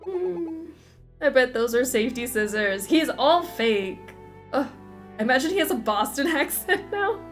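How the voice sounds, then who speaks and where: A woman's voice: fairly high pitch, sing-song, normal speed, soft background music. A woman streamer playing a detective game with friends, reacting in a playful, giggly way. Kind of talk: casual gameplay chat.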